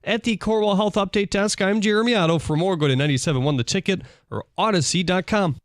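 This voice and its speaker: Brisk male update anchor, slightly high voice, dry studio read. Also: no room sound. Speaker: sports news update anchor. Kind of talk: scripted news update. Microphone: studio microphone.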